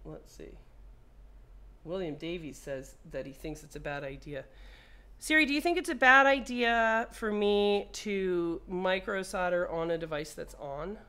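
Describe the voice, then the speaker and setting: A woman technician with a fairly low, smooth, sharp-toned voice and lively intonation leads a hands-on repair demo at a measured pace. She plays around, talks to the phone, and curses when things fail.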